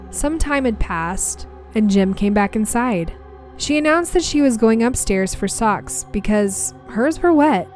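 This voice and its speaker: A young woman narrating a personal ghost story from her family in an earnest, steady way. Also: medium pitch.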